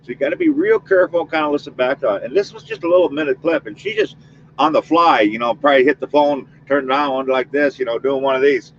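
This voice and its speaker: A paranormal investigator hosts a spirit-box session, chatting casually with his audience and leading a spoken protection prayer. His medium-pitched voice is very animated and fast, and the dull audio carries a little hiss or hum.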